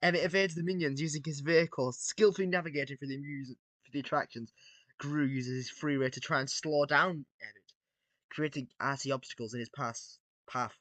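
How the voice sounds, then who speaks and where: A man with a bright, forward voice, recorded close and dry, reads battle text out loud. He delivers it casually, drops asides and the odd swear between sentences. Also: a little high, steady tone, a little fast, no room sound. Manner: casual, swears and laughs between read lines. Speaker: video creator. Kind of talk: reading out and reacting to AI-written battles.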